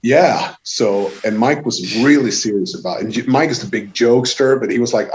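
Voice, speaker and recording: A man from Sweden with a Swedish accent, a guest telling a lively anecdote in casual chat and swearing freely. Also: medium pitch, moderate pace, hardly any pauses. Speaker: guest musician. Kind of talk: casual storytelling. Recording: dull lo-fi sound.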